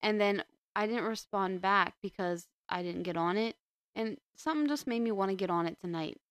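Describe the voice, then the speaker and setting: A woman's voice: medium pitch, normal speed, no room sound. A young woman hosting a podcast, chatting casually and rambling with frequent restarts. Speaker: podcast host. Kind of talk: casual chat.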